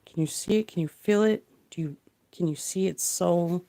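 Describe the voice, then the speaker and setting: A woman on a live stream speaking quietly and rambling through questions, trailing off as she reads and thinks aloud into a close mic. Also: on the low side, moderate pace. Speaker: livestream tarot reader. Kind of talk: soft-spoken livestream musing. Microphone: close mic, kept quiet for live stream.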